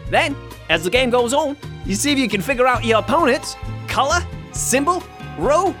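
A man putting on a comic Australian accent to pitch a board game as an over-the-top Australian salesman who keeps asking "yeah?". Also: expressive, over music. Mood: jokey pitch. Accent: put-on Australian. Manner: sing-song, drawn-out, keeps adding "yeah?".

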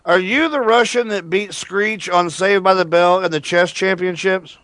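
Male radio host, fairly high voice, joking and opinionated, dry close sound. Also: moderate pace, a bit bright, no room sound. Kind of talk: casual call-in radio talk.

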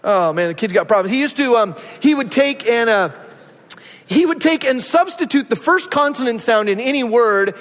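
High-voiced pastor preaching in a reverberant hall. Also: male voice, lively intonation, normal speed, a bit bright. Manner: conversational storytelling, asks rhetorical "right?". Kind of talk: sermon.

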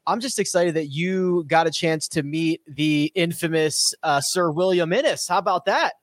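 High-voiced upbeat podcast host man. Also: normal speed, no room sound. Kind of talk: casual golf podcast chat.

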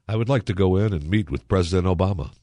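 A polite old man with a sly streak, courteous and mild, as a radio host reads him out. The voice is deep and close, with a dry sound. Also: fast, mellow, no room sound.

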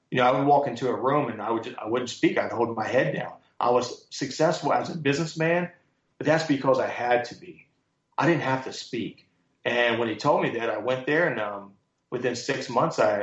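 A man being interviewed as a guest speaker, telling lively stories and quoting others with emphasis. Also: mid-range voice. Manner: animated storyteller, quotes others with emphasis. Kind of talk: storytelling interview answers. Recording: echoey, muffled sound.

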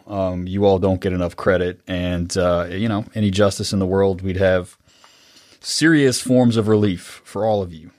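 A man's voice: low-pitched, no echo, studio quality. A man hosting a podcast, chatting casually and self-deprecatingly with many fillers. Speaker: podcast host. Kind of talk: casual interview chat.

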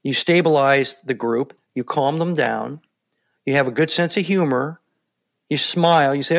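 A former Navy SEAL guest in his later years, speaking in a calm, plainspoken way as he tells stories in an interview. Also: fairly high pitch, brisk. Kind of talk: casual interview talk.

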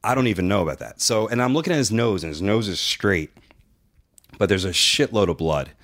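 A man's voice: fairly low pitch, a little fast. A middle-aged man hosting a podcast, telling a long, profane story in casual chat and acting out the dialogue. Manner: profane, animated anecdote-telling with quoted dialogue. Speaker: podcast host and wrestling trainer.

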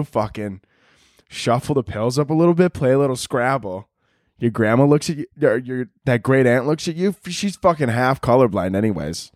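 A man's voice: mid-range voice, darkish tone, no echo, clean studio sound. A young man hosting a podcast, ranting in a crude, rambling comedic monologue and laughing often. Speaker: podcast host.

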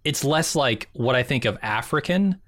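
A man's voice: mid-range voice, animated, moderate pace, a bit bright, dry recording. Dry-voiced man, casual podcast chat. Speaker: podcast co-host.

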